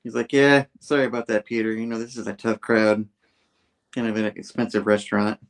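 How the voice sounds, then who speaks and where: In a casual chat, a man retells a comic book scene by scene, acting out the characters' lines in loose voices. His voice is on the low side, with little pitch movement, and he talks fairly quickly.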